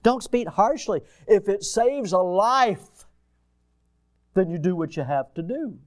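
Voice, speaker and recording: A man with a high voice delivers a sermon, animated and folksy. He peppers it with rhetorical questions and homespun stories, swinging from loud, sharp cries down to low, quiet asides. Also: slow. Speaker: preacher.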